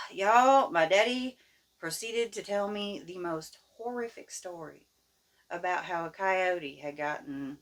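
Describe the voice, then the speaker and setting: A woman telling a childhood story in a folksy, animated, plain-spoken way. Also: lowish voice, slow. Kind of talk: casual storytelling.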